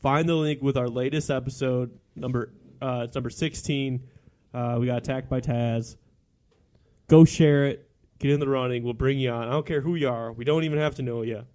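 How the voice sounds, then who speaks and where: A man's voice: medium pitch, fairly even intonation, moderate pace, warm tone. A young man co-hosting a casual sports podcast, teasing his partner and cheerfully plugging the show. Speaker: podcast co-host.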